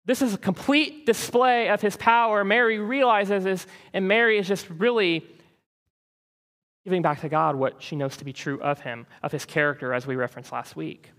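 A man preaching a sermon, teaching in an animated, conversational way and checking in with the listeners with frequent asides. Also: high-pitched, normal speed, long reverb tail. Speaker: pastor.

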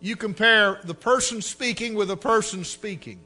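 A man preaching a sermon with fervor, his voice climbing into shouts. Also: high voice, normal speed. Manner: fervent, rising to shouts.

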